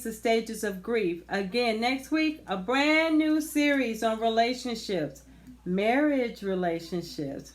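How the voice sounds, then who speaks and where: A woman's voice: on the high side, animated, slow pace. A woman hosting her own online talk show, speaking to viewers in a soothing, heartfelt, encouraging way. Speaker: host.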